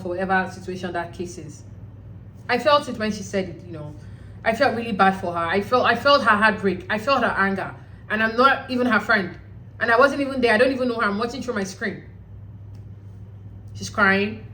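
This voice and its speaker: A woman hosting a reality show recap, talking casually in an animated, blunt way with some swearing. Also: medium pitch, fairly quick, slight background noise, poor audio.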